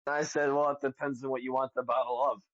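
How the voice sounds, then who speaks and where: A man's voice: mid-range voice, little pitch movement, no room sound. A young man co-hosting a comedy podcast, telling rambling mock-serious anecdotes full of restarts. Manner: halting, many restarts, mock-serious storytelling. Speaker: podcast co-host. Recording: dull lo-fi dry sound.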